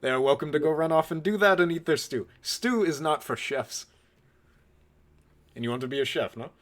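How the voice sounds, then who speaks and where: A man's voice: on the high side, animated, normal speed, a bit bright, pitched above the performer's own voice. A man voicing a stern, scornful male head chef who lectures in formal speech without contractions.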